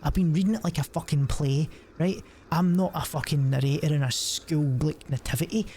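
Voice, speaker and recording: A man's voice: a little high, steady tone, moderate pace, dark tone, a little hiss or hum. A young man, chatting casually and rambling while he streams a game, swearing often and restarting his sentences. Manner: rambling and profane, many fillers and restarts. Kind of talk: casual chat while gaming.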